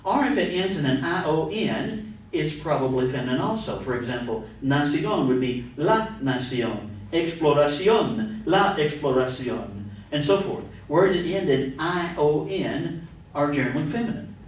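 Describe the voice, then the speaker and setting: A man teaching a Spanish grammar lesson, explaining rules slowly and deliberately and spelling words out letter by letter. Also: lively intonation. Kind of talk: recorded grammar lecture. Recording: very echoey room, distant mic, faint rumble.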